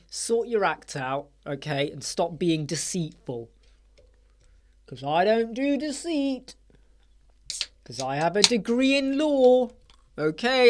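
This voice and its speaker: A man hosting a live web design chat, talking bluntly and emphatically to viewers and asking rhetorical questions. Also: sits high. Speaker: web design channel host. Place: small dark soundproofed room.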